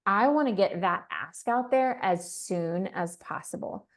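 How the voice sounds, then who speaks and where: A woman's voice: medium pitch, animated, a little slow. A woman from Texas leading a team training, talking in an upbeat, chatty way and acting out sample scripts. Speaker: team leader. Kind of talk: training talk.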